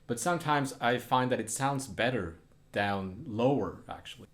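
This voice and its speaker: Relaxed man teaching jazz guitar. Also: medium pitch, normal speed. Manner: relaxed, thinks aloud between playing examples. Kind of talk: casual spoken guitar lesson. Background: jazz guitar playing.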